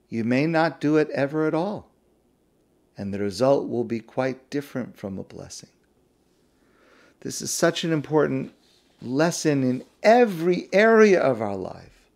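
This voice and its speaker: Male rabbi, Torah talk; unhurried and emphatic, somewhat high voice. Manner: emphatic, repeats key words for stress.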